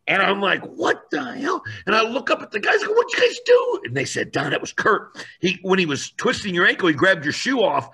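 A man telling a story in a lively, animated way, acting out voices and raising his voice for effect. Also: fairly high pitch, husky.

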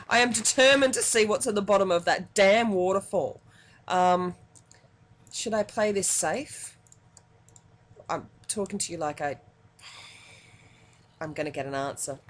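Brief: Australian woman, gaming host, very lively pitch, unhurried talk, faint hiss behind. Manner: excitable, swings between muttering and yelps. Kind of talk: casual gameplay commentary.

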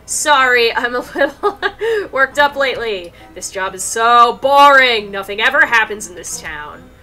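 A woman voicing a hot-headed female police chief who talks in rough, shouty bursts. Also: fairly high pitch, expressive, a little slow, faint music behind. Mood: brash.

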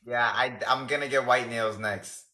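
A man's voice: mid-range voice, fairly even intonation, moderate pace, pushed and bright. A man bantering casually on a livestream and talking to the chat. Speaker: co-streamer.

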